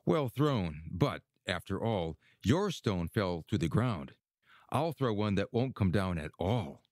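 Cocky little tailor voiced by a man, boastful, lower voice, lively swoops, storybook. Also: slow pace, no room sound, studio quality, exaggerated voice.

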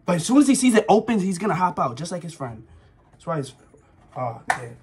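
A man's voice: high-pitched, sing-song, fast talker, noisy background. A nervous young man vlogging casually, insisting he isn't scared and yelping now and then. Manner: jittery, keeps insisting he isn't scared, yelps.

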